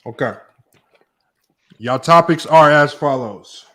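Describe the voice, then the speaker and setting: A man hosting a debate stream, casually reading out matchups and topics and talking in relaxed slang. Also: on the high side, takes it slowly. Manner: relaxed, slangy, thinks aloud. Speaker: debate show host. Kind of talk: casual livestream chat, reading out a list.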